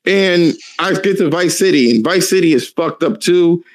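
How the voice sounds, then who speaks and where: A man's voice: high voice, normal speed. A man hosting a casual podcast, ranting animatedly and cursing a lot. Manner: profane, animated ranting with laughs. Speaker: podcast host.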